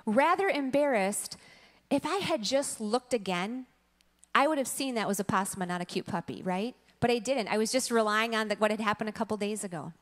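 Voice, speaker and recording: A woman's voice: medium pitch, brisk, big-room sound. A woman in her thirties or forties, a church teacher, telling a story in a sermon and acting out the quotes in it. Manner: animated storytelling, acts out quotes. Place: church sanctuary.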